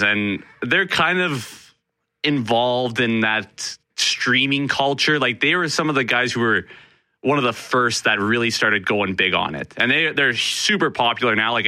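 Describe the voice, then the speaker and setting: Bright, lively young man on talk radio. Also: medium pitch, dry recording. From Canada. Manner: animated, mimics accents with laughing bursts. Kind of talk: casual radio chat.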